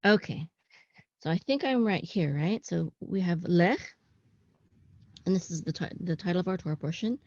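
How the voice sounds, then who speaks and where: A woman with a somewhat low voice walks learners through a Hebrew passage in a casual online class. She pauses often, corrects herself, and checks in with "okay?". The recording is dull and dry, as if from a small, dead room. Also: expressive, a little mellow, no echo. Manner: halting, with frequent ums, self-corrections and "okay?" check-ins. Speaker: Hebrew teacher. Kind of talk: casual online class, explaining text on screen.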